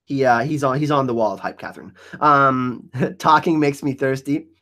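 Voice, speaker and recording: A man's voice: mid-range voice, normal speed. A man hosting a live stream, chatting casually and joking as he answers viewers in the chat. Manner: animated, joking, reacting to chat.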